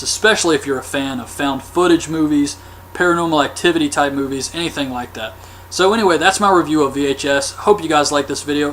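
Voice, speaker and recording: A man with a fairly high voice recaps a horror film in a loose, chatty way. He rambles on, dropping "um" and "like" as he goes, with a faint hum in the background. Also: a bit bright. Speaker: movie reviewer. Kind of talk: casual movie recap vlog.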